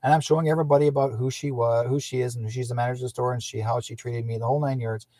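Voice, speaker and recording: Male radio host with a husky, dry voice; casual rambling monologue. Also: medium pitch, steady tone, rapid-fire, dark tone, dry recording. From British Columbia, Canada. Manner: rambling, with restarts and acted-out quotes.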